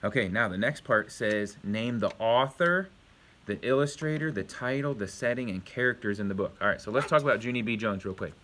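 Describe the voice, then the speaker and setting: A man with a bright, forward voice leads a home video lesson for young children. He is patient and encouraging, quizzing the kids and praising each answer. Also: medium pitch, brisk. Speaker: elementary school teacher.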